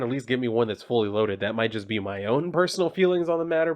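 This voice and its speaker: A man chatting through a comic in a loose, rambling way. He fills gaps with "you know" and "like" and drops blunt, offhand opinions, all at a middling pitch. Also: fast. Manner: rambling and informal, many fillers, blunt asides. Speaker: comic book reviewer. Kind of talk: casual comic review vlog.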